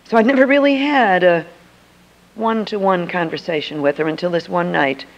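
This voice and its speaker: A woman's voice: on the low side, normal speed. An older woman, a Christian speaker, telling a personal story and acting out the dialogue in a lo-fi archive recording. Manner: vivid storyteller who acts out dialogue.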